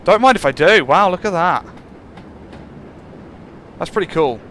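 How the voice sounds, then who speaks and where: Relaxed man musing over a game. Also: high-pitched, measured pace, slight background noise. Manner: relaxed, musing, chuckles often. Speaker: gameplay channel host. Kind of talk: casual train-sim commentary.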